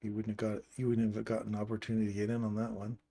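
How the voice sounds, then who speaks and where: Low-voiced man explaining trading charts. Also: completely flat delivery, quick pace, gravelly, warm tone. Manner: casual, explanatory, pointing at chart levels. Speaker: trading stream host. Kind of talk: live trading chart walkthrough.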